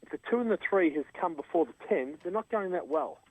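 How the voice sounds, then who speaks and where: A man's voice: fairly high pitch, expressive, a little fast, darkish tone, no echo. An Australian man, a charity co-founder, telling an earnest, emphatic story in an interview. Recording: tinny phone line.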